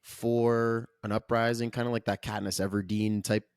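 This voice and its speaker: A man's voice: mid-range voice, level tone, moderate pace, darkish tone, smooth, dry recording, clean studio sound. A man co-hosting a podcast, chatting casually and thoughtfully about a film, hedging his points with lots of "like". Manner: thoughtful, hedging, many fillers. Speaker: podcast co-host. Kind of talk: casual film review chat.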